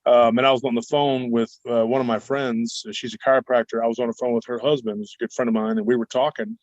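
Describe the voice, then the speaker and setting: A man talks as a guest, telling his story in an animated, rambling way. His voice sits mid-range. The recording is dry and a little dull. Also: mid-range voice, quick pace, no echo. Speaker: guest cryptid researcher. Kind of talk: storytelling interview.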